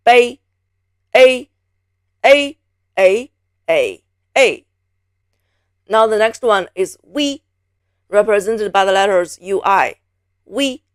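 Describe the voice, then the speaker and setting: A woman's voice: mid-range voice, no room sound, studio quality. A woman from Beijing teaching a Mandarin pronunciation lesson, patiently repeating each sound several times. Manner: patient, drills sounds by repeating them slowly.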